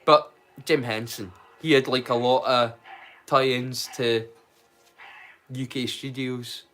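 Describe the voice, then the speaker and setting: A man's voice: mid-range voice, fairly even intonation, slow pace, a bit bright, soft background music. A man with a Scottish accent, mixed and borrowed from many places, hosting a casual live-stream watch-along, rambling and chatting straight back to his viewers. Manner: rambling and chatty, answers his chat directly.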